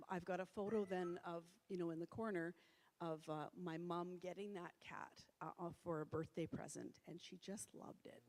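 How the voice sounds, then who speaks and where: Woman, middle-aged, presenter, chatty with ums and restarts, low voice, long hall echo. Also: vocal fry, darkish tone. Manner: conversational, with many fillers and restarts. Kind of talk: public talk. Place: church hall. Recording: reverberant hall.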